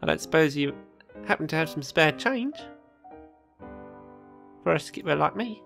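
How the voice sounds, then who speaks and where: Casting: pleading Cockney kangaroo mother, higher and gravelly, put on by a man, game voice. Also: animated, normal speed, a bit bright, faint music behind. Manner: pleading, coughing. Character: poor starving female kangaroo mother.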